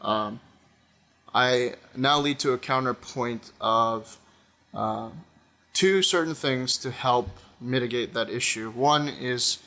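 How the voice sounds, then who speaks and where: Hesitant young man with a bright voice. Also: mid-range voice, slow pace. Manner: hesitant, many fillers and restarts. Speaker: video essayist. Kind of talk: casual commentary monologue.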